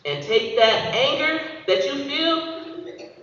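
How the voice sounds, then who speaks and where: A woman's voice: high-pitched, expressive, takes it slowly, a bit bright. A woman in her thirties from Michigan, a guest speaker giving a graduation speech, telling a story and calling out to the audience. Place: large hall. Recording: echoey hall from far, dull.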